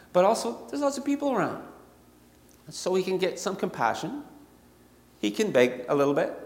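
A man preaching a sermon in a conversational way that builds to animated emphasis, heard in a church hall. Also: mid-range voice. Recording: echoey hall, long reverb.

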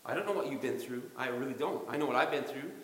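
A man preaching a sermon as pastor in a church, animated, acting out quotes and chuckling often. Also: mid-range voice, fast. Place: church sanctuary during a service. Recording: very echoey hall reverb.

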